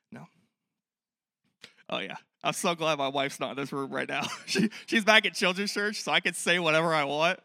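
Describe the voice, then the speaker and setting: A man's voice: on the high side, fairly bright tone, no echo, clean studio sound. A young man preaching a sermon in a church, earnest and conversational, often asking the listeners questions. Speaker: pastor.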